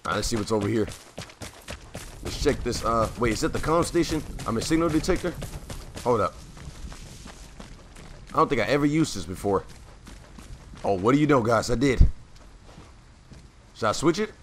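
A man giving casual gameplay commentary, chatty and rambling with many fillers, clearing his throat as his voice keeps cutting out. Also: mid-range voice, lively intonation, moderate pace, pauses often, a little hiss or hum. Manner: rambling, chatty, full of fillers and self-corrections.

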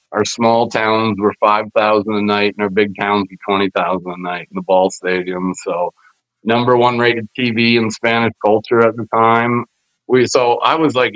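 A man from Canada, a guest wrestler telling rambling, animated stories with lots of fillers and swearing. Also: lowish voice, dry recording. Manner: animated storyteller who acts out other people's lines; rambling, with many fillers and profanity. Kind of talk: casual storytelling interview. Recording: slightly muffled dry podcast audio.

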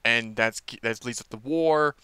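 A man's voice: medium pitch, moderate pace, pushed and bright, clean tone, no room sound. A man casually reviewing a movie trailer, rambling with lots of fillers and restarts.

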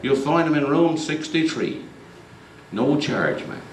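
A man playing a polite young doctor with a Scottish accent, formal and courteous. His voice carries from a distance through a reverberant hall, with a lively rise and fall. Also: a little high, slow pace, a little hiss or hum, voice pushed up. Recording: echoey hall, mic far off.

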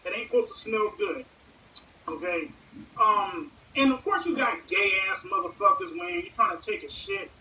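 Young man, profane rambling storyteller, bright sharp voice, far from the mic, echoey room. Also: sits high, expressive, normal speed, slight background noise. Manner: rambling, profane, lots of fillers.

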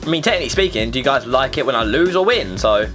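A woman's voice: extremely low pitch, expressive, quick pace, over music. A woman hosting a gaming channel, giving live gameplay commentary in an exasperated, self-mocking way and swearing often.

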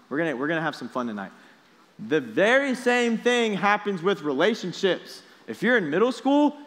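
A young man preaches to a youth group, casual and energetic, keeping the students involved with quick questions. His voice sits a little high. The long reverb of a large hall trails behind his words. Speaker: youth pastor. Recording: echoey hall.

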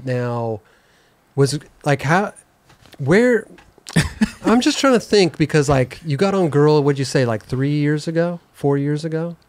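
A man's voice: a little high, expressive, a little slow. A man hosting a podcast, chatting casually and laughing often with his guests. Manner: laughs often, loose and playful. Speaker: podcast host. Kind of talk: casual chat. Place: podcast studio.

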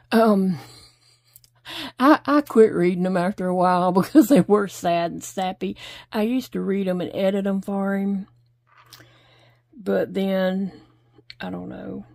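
A middle-aged woman chats easily about home life as she crochets, laughing often and pausing to count stitches under her breath. Her voice is mellow and soft-edged, heard dry and close with no room around it. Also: mid-range voice, gravelly, dry recording. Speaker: crochet vlogger. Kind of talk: casual chat while crocheting.

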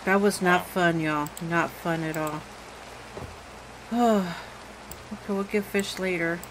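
A woman's voice: fairly low pitch, slow pace, slight background noise, poor audio. A woman hosting a horror game let's-play, jumpy and full of exclamations, talking straight to her viewers. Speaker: gaming channel host.

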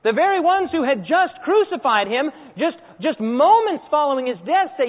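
A man preaching a sermon to a congregation, telling a story with animated energy and quizzing his listeners. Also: extremely high pitch, normal speed, hardly any pauses. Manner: animated storytelling, acts out scenes and quizzes the audience. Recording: echoey hall over a tinny phone-like line.

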